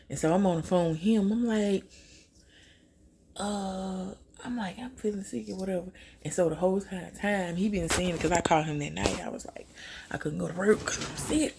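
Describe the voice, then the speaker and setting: A young woman from Louisiana tells a story while doing her makeup. She jumps up into a high voice whenever she quotes people. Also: moderate pace, dark tone, slight background noise. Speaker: vlogger.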